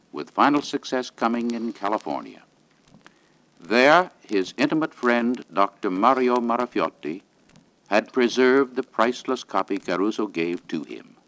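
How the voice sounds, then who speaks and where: Deep-voiced man announcing formally. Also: a bit bright, low-quality recording. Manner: measured, ceremonious announcer delivery. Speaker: record announcer. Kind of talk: formal spoken introduction.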